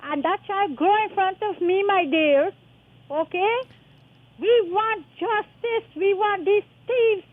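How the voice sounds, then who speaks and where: A woman's voice: very high-pitched, slow pace, dry recording. A middle-aged woman with a Guyanese accent calling a talk radio show, distressed and pleading, calling the host son and my dear. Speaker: caller. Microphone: telephone. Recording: tinny dry phone line.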